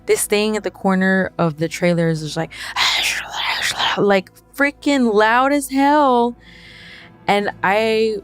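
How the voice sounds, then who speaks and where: A woman telling a ghost story in a casual, animated way, acting out the quotes and swearing as she goes. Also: mid-range voice, measured pace, clean tone, faint music behind. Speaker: guest.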